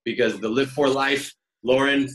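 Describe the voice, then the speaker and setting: A man in his thirties talks quickly on a video call, full of "like" and "um", tossing in casual swears. His voice is bright and forward, and the room around him echoes. He sounds like a fitness trainer giving a team advice. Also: mid-range voice, fairly even intonation. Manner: fast, filler-heavy, swears casually. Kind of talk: casual chat.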